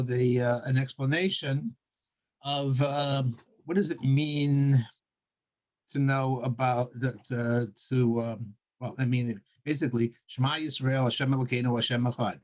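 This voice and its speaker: A man leads an informal religious class over a video call, wandering through his points with fillers and restarts. He chuckles often, and his voice sits at an ordinary middle pitch. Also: poor audio. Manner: rambling, with many fillers and chuckles. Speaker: Torah class teacher.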